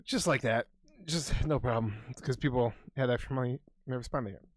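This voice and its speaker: A man's voice: mid-range voice, fairly quick, no echo. Foul-mouthed man in casual chat. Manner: swears constantly, rambling and excitable. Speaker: podcast co-host.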